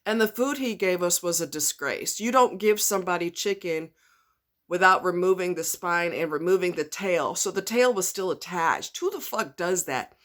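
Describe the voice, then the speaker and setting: Swearing bluntly at a moderate pace, a woman vlogger vents her anger on camera and keeps repeating herself to drive points home. She has a fairly low, fairly bright voice.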